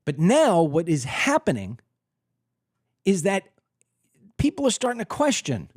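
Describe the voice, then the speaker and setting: A man's voice: sits high, huge pitch swings, a little slow, long pauses, darkish tone, no room sound, clean studio sound. A man hosting a political commentary show, delivering a heated, emphatic monologue from his desk at home. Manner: emphatic, heated, acts out other people's reactions. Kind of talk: opinionated monologue.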